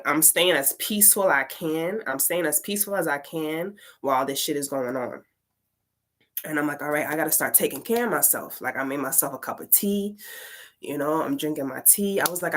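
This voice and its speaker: A woman's voice: low voice, a bit bright. A woman tarot reader and poet telling a casual story, full of "like" fillers and swearing.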